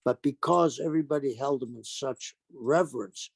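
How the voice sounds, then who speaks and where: Gravelly older man telling wrestling stories. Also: medium pitch, normal speed, no echo. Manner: animated anecdotes with acted-out quotes. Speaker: guest, retired pro wrestler. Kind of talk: storytelling interview.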